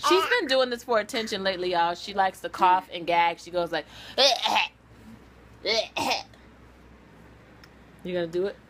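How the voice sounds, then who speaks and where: A spirited, dramatic woman vlogging at home, chatting casually and cooing softly to her babies. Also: mid-range voice, expressive, unhurried, pauses often. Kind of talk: casual home vlog chat. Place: at home and out in the snow.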